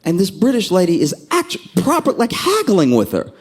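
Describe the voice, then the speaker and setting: A man doing a stand-up comedy set, telling stories with lively delivery and acting out the people he quotes. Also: a little fast, breathy edge. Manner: animated storytelling, acts out quoted people with sudden pitch jumps.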